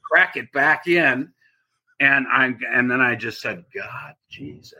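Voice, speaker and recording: A man, an actor guest on an interview show, telling a rambling, animated anecdote in casual chat. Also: medium pitch, slow pace.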